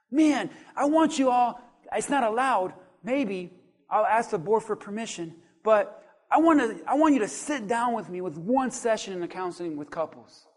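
A male pastor with a very high-pitched voice preaches a sermon that moves from quiet asides to loud, animated calls. He acts out what people say.

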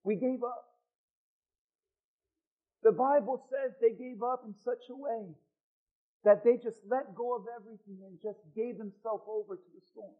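A man preaching a sermon as pastor, swinging from loud, emphatic lines to hushed ones. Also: very high voice, steady tone, moderate pace. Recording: thin phone-like sound.

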